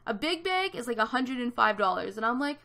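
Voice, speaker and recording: Chatty canadian girl in her 20s, kinda high and bright voice, rambling story w lots of "like". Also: big pitch swings, fairly quick. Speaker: gaming vlogger. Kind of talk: casual chat over a speed build.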